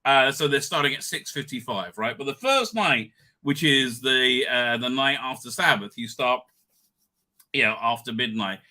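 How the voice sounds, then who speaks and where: Tired, bright-voiced man rambling. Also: mid-range voice, expressive, moderate pace. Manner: chatty and digressive, with frequent restarts and "right?" asides. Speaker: livestream host. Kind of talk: rambling casual livestream chat.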